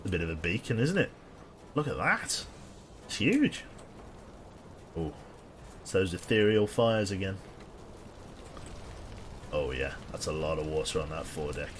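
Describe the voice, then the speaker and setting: A man's voice: sits low, sing-song, measured pace, long pauses, a little hiss or hum. A man giving dry, sardonic live commentary on his gameplay and chatting with viewers, swearing casually along the way. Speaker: game streamer.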